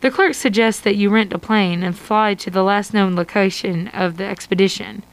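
A woman's voice: medium pitch, normal speed, rough recording. A woman narrating an interactive adventure story for radio, reading steadily. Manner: steady read-aloud storytelling.

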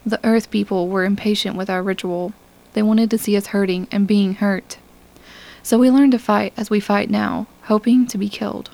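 A resigned young alien woman of a vanishing people, read by a woman narrator. She speaks in quiet, formal, measured sentences with a faintly gravelly texture, as in a science fiction audiobook. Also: medium pitch, lightly acted. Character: weary young alien woman of a dying race. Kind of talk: audiobook character reading.

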